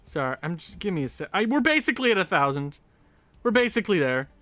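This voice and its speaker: A young man talks through a casual gaming livestream from his home setup. His voice is bright and sits a bit high, and he chats in loose, rambling asides to viewers while faint music plays underneath. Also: very animated, fast talker, no room sound.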